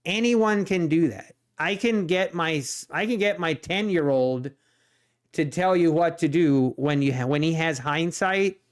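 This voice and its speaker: A man's voice: fairly high pitch, unhurried. A man in his thirties with a Pennsylvania Dutch accent, rambling and thinking aloud while commenting on his live trading. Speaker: day trader streamer.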